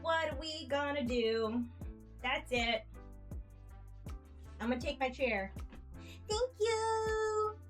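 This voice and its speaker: A woman's voice: takes it slowly, long pauses, fairly bright tone, faint music behind. A woman streamer chatting casually from her home setup, cooing at her cats and chatting cheerfully with viewers. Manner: coos at her cats in a high playful voice. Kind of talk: casual livestream chat.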